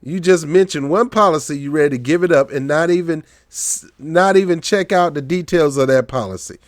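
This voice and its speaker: A fairly high-voiced man talks quickly through laid-back political commentary on his channel, mocking and joking as he spins lively stories. The studio audio is clean, with no echo.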